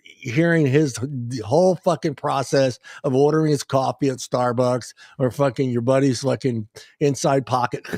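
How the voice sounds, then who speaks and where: A man's voice: medium pitch, steady tone, moderate pace, darkish tone, no echo, studio quality. A man hosting a podcast in casual chat, joking and laughing loosely with plenty of swearing. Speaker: podcast host.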